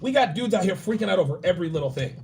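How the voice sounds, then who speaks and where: A man in his forties hosting a livestream, giving blunt, profane dating and grooming advice and acting out other people in quick bursts. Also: high voice, animated, darkish tone, a little hiss or hum. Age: 40s. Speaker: livestream host.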